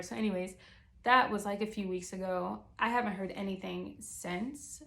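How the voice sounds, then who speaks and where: A woman's voice: medium pitch, steady tone, moderate pace, vocal fry, a bit bright. Chatty, exasperated young woman vlogger. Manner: chatty, exasperated, heavy use of filler "like". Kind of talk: casual storytime chat.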